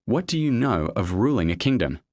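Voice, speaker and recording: A storybook king addresses his subjects in a formal, declaiming way, as a man reads him. The voice is low with lively rises and falls in pitch. The sound is dry and close. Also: fairly quick, no room sound. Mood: proud.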